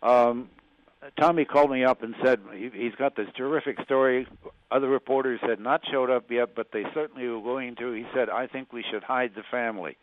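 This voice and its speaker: An older man, a former magazine journalist, recalling past stories as an interview guest, speaking haltingly with frequent restarts. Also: mid-range voice, steady tone, phone-quality sound. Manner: halting, with many restarts and fillers.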